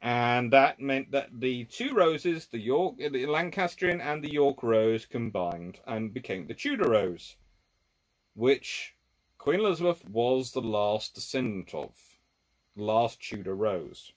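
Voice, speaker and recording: A man answering viewer questions on a live history stream at a middling pitch. He works through each answer aloud, restarting sentences and sorting his reasons into lettered points. The delivery is unscripted and conversational. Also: expressive, slow.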